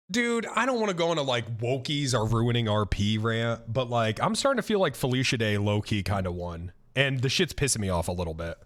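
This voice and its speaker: A man's voice: mid-range voice, a little fast. A young man streaming casual reaction commentary, ranting and swearing with many restarts. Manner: animated, profane, ranting with frequent restarts.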